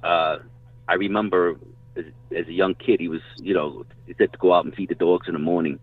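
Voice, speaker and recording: Low-voiced man on a tinny line. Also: fairly even intonation, brisk, breathy edge, no room sound. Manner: rambling, swears casually. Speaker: guest telling hunting stories. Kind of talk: casual storytelling chat. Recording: dry tinny phone-like line.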